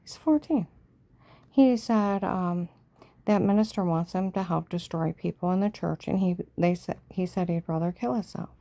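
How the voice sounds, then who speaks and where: A middle-aged woman recounts her own past in a casual, emotional storytelling voice. Her tone is low, gravelly and dark. She often sinks to a hushed near-whisper and checks in with her listener with "okay?". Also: fairly even intonation, normal speed.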